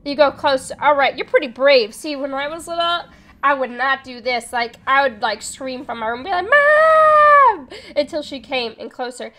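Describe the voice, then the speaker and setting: A young woman with a high voice livestreams a horror game at a normal speed. Chatty and excitable, she reads the game text aloud and breaks into loud yelps.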